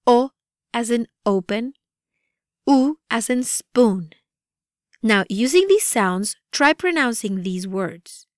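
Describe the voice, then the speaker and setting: A woman reading a scripted language course with a deliberate, evenly paced teaching delivery. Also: fairly high pitch, lively intonation, no room sound, studio quality. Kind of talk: scripted instructional narration.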